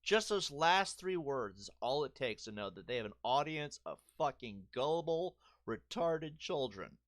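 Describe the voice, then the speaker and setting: A man ranting sarcastically and profanely while he streams a game. His pitch swings widely as he talks. The sound is dry and close, with no room around him. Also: animated, moderate pace, fairly bright tone, dry recording. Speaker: gaming streamer. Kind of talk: casual rant over gameplay.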